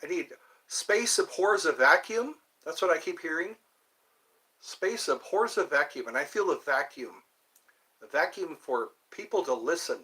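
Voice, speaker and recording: A man's voice: a little high, expressive, measured pace, sharp tone. A man hosting a casual livestream chat, rambling and thinking aloud as he digresses from one topic to the next. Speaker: host.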